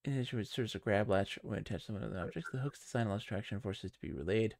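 A man's voice: on the low side, quick pace, creaky, background noise. A man streaming a text adventure, thinking aloud with lots of hesitation and wry jokes. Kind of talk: casual chat while playing a game.

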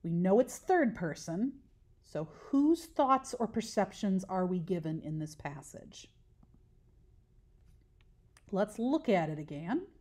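A woman's voice: medium pitch, lively intonation, slow, long pauses, a little mellow. Patient woman teacher explaining step by step. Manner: patient step-by-step explaining, asks and answers her own questions. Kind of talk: recorded online lesson.

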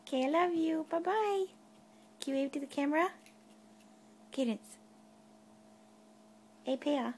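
A woman's voice: sits high, unhurried, pauses often, slight background noise. A woman at home filming her toddler on a handheld camera, coaxing him to wave in a sing-song voice. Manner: coaxing, sing-song talk to a small child. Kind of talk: casual home video. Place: home, by a couch.

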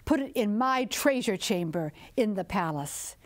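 A woman's voice: medium pitch, animated, a little slow, dry recording, close to an everyday voice. A woman barking as a greedy bossy king. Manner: barking orders. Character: huge greedy bossy king, quick to anger.

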